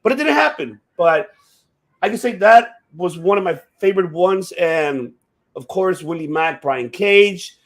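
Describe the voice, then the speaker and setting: An excitable man with a fairly high voice chats casually as a show host. He swears a lot and rambles, restarting his sentences often. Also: unhurried. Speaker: podcast host. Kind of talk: casual chat about wrestling.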